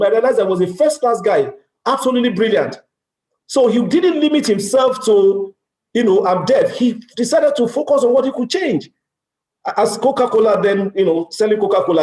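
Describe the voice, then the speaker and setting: A man's voice: high-pitched, darkish tone. A middle-aged Nigerian man with a Nigerian accent, giving a motivational business talk at a conference and acting out dialogue with emphatic repetition. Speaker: conference speaker. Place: large conference hall. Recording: echoey hall sound.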